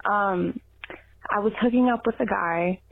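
A woman's voice: mid-range voice, measured pace, creaky, crowd noise. A woman in her twenties leaving a voicemail for a podcast, rambling sheepishly and giggling. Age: 20s. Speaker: voicemail caller. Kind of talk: casual voicemail message. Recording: tinny phone voicemail.

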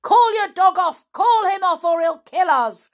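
Woman reader playing a panicked villain man, loud, high. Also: animated, a little slow, exaggerated voice.

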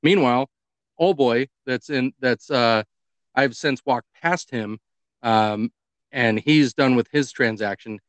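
A man of ordinary pitch tells a story in casual podcast chat. He brings the people in it to life as he goes. His voice is close and dry with little room sound. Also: slow pace, clean tone, no room sound. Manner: animated, acts out the people in his stories. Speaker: podcast co-host.

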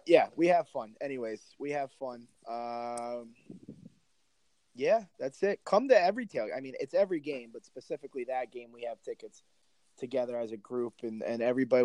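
A man's voice: mid-range voice, warm tone, dry recording. A man co-hosting a podcast, chatting casually and telling jokey stories full of fillers. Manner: laid-back, jokey storytelling with fillers. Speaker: podcast co-host. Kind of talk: casual chat.

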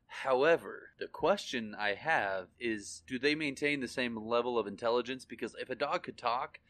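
A man's voice: mid-range voice, normal speed, a bit bright. A man co-hosting a podcast in casual chat, joking and slipping into silly voices. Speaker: podcast co-host.

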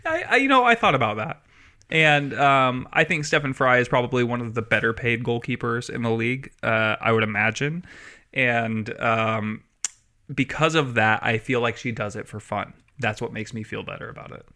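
Podcast co-host, man, bright clear voice, rambling, chatty storyteller who laughs a lot. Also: medium pitch, normal speed. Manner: rambling, self-interrupting, laughs often. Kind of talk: casual chat.

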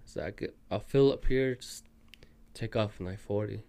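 Dude telling a story on a podcast, swears a lot, laid back. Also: male voice, on the low side, fairly quick, vocal fry, dark tone. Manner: profane, peppered with "dude". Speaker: podcast guest. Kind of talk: casual storytelling.

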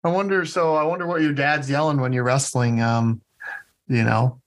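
A man's voice: medium pitch, steady tone, normal speed, rough recording. Easygoing guy hosting a wrestling chat, friendly, laughs a lot. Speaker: podcast interviewer. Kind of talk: casual interview chat.

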